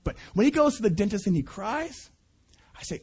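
A middle-aged man delivers a sermon built around a personal story. His voice is husky and sits high, swinging widely in pitch. He repeats phrases and laughs between them as he goes. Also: big pitch swings, fast talker, darkish tone. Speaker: preacher at a student conference.

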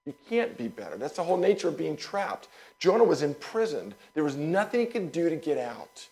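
A male pastor telling a personal story in a sermon, animated, with quick asides and repeated words. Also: fairly high pitch.

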